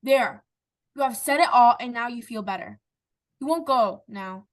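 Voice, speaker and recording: A woman's voice: a little high, moderate pace, close to an everyday voice. A woman reading a pleading, frustrated husband. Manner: pleading, earnest recitation.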